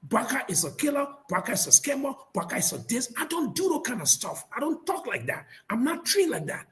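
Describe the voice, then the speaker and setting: A man's voice: very high-pitched, sing-song, a little fast, fairly bright tone, low-quality recording. A man arguing defensively and insistently on a heated live panel show, repeating himself to make his point. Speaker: panel guest.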